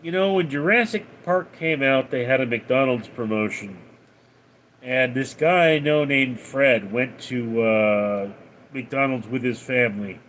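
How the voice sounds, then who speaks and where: A man hosting a casual livestream, reading out viewer messages and replying in a deadpan way. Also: mid-range voice, a little slow, slight background noise. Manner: reads out viewer names and messages, deadpan replies. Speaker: livestream host reading chat.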